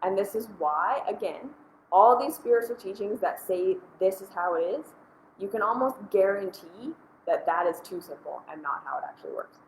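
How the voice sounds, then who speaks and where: A woman with a medium-pitched, lively voice hosts a casual spoken commentary at normal speed, earnest and conversational, often dropping "like" between thoughts. The audio is poor, with an echoey room and a little hiss or hum.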